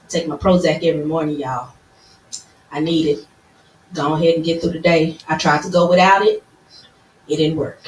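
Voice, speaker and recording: Female podcast co-host, relaxed and open, faint background hiss. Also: low voice, moderate pace, pauses often. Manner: chatty, candid, playful. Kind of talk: casual chat. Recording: roomy, distant mic with faint noise.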